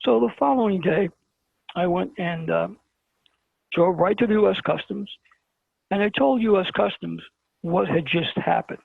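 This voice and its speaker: A man's voice: high-pitched, normal speed, gravelly, long pauses, slightly rough, no room sound. A middle-aged man from Brooklyn, a show guest telling a story and acting out the exchanges. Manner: dramatic retelling with quoted exchanges. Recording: tinny phone line.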